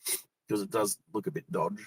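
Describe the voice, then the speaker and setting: Middle-aged Aussie bloke, live driving vlog host, rambling friendly storyteller, dry in-car sound. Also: male voice, lowish voice, steady tone, a little fast, breathy edge, no echo. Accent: Australian. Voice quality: chatty, laughs easily, many fillers. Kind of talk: casual storytelling while driving. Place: in a car on the road.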